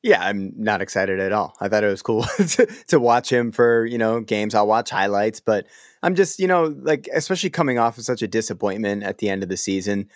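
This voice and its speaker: Laid-back co-host from the Boston area, low voice, dry close mic, rambling casual talk. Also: male voice, animated, brisk, no room sound. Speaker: podcast co-host. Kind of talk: casual sports podcast chat.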